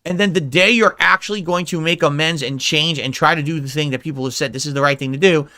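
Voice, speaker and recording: A man's voice: on the high side, fast, pushed and bright, no echo. A man streaming live, ranting in an aggrieved, self-pitying way and swearing. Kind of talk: angry livestream rant.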